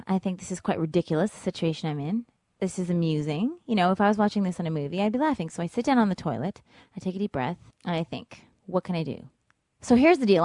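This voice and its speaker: A woman telling a personal story in vivid, dramatic fashion, dropping to a hush and rising again. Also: fairly low pitch, no echo. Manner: vivid, dramatic, ranging from hushed to loud.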